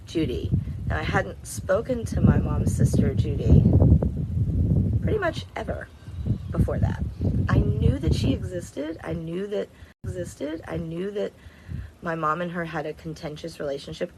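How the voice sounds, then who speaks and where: Low-voiced blunt woman telling a story. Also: expressive, moderate pace, very noisy. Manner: blunt and candid, swears freely; rambling, repeats herself. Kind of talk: casual storytime vlog.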